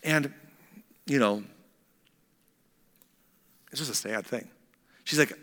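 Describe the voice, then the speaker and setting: A man preaching a sermon, retelling a scripture story and swinging between animated, louder passages and hushed, quiet ones. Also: mid-range voice, slow pace, long pauses, long reverb tail.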